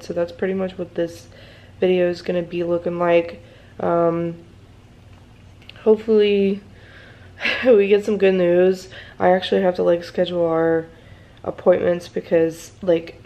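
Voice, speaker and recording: A woman's voice: lowish voice, gravelly, mellow. A young woman vlogging casually about her family, anxious and rambling with many fillers, in a groggy morning voice. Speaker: mommy vlogger. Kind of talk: casual vlog chat. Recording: dull lo-fi home recording.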